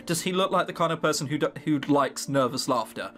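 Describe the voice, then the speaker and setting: A man's voice: on the high side, a little fast, few pauses, fairly bright tone, faint music behind. A man commenting on a visual novel as he plays, sarcastic and joking, swearing casually. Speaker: gaming YouTuber.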